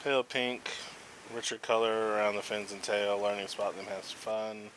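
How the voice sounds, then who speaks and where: A man with a fairly low voice gives relaxed, chatty commentary over a video game. His tone is bright and forceful, with faint background noise behind him. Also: normal speed, low-quality recording. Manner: relaxed, chatty, explains game mechanics as he plays. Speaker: gaming video host. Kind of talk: casual gameplay commentary.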